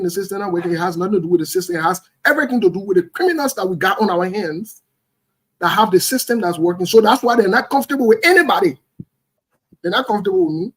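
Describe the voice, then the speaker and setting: Fast, husky, high-voiced ranting man. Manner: blunt, repetitive and emphatic. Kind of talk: heated political commentary.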